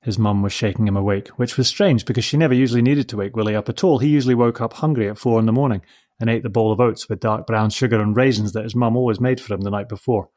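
Man reading a storybook, measured. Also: on the low side, a little mellow. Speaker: narrator. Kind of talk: storybook narration.

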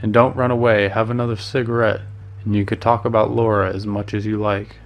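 A man reads a breezy, teasing male painter with a low, fairly flat voice. He sounds worldly and amused, dropping the odd French phrase into an even, unhurried delivery. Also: lightly acted.

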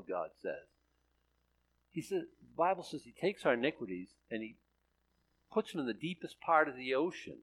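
A male pastor delivers a sermon in a loose, conversational way. He reads scripture and then talks it through with a sarcastic edge, in an ordinary mid-pitched voice. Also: big pitch swings, moderate pace, pauses often, fairly bright tone. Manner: conversational and sarcastic, with jokes and laughs.

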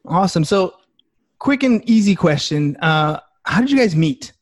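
A man with a fairly high voice hosts a casual podcast and stumbles through introductions, correcting himself as he goes. His voice is dry and close to the mic. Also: lively intonation, no echo. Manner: halting, many fillers and self-corrections. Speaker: podcast host.

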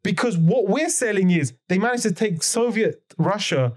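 A man's voice: high-pitched, animated, normal speed, darkish tone. A man talking as a podcast guest, explaining history emphatically and firing off rhetorical questions. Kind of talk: conversational podcast lecture.

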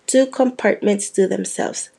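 A pompous teenage prefect, brisk and full of himself, as a woman reads his lines aloud. His voice is mellow and gravelly. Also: mid-range voice. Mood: self-important. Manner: self-important. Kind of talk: reading a book aloud.

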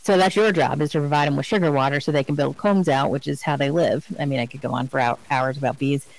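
A woman co-hosting a podcast, chatting casually and telling animated, funny stories. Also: deep voice, fast talker, no echo, rough recording. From Virginia, US. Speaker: podcast co-host. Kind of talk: casual chat.

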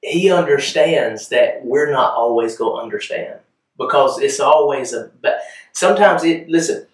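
In an echoey church hall, a pastor's fairly high-pitched voice comes from far off the mic. He delivers his sermon in a chatty way, frequently asking listeners if they're following along.

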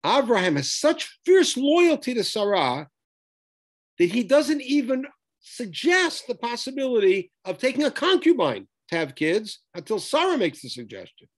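A man's voice: very high voice, very animated, moderate pace. A man teaching a Bible text study, reading Hebrew verses aloud and then explaining them with emphasis.

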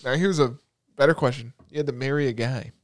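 Male podcast co-host, mid pitch, loose joking banter, dry booth. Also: fast, no room sound. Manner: rambling, jokey, swears freely. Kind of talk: casual chat.

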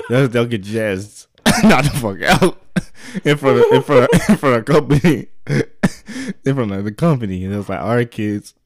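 A man's voice: mid-range voice, normal speed. A man hosting a comedy podcast, joking and swearing as he tells stories. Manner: joking, profane, animated storytelling. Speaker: podcast host. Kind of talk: casual comedic chat.

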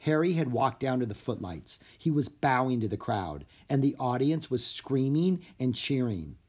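A narrator reading a children's chapter book aloud with expressive, animated storytelling. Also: mid-range voice, moderate pace, husky.

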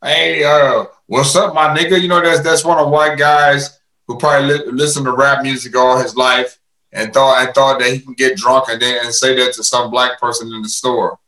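A man guesting on a podcast, telling fight stories in animated casual chat, often repeating words as he starts a sentence. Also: medium pitch, moderate pace, echoey room.

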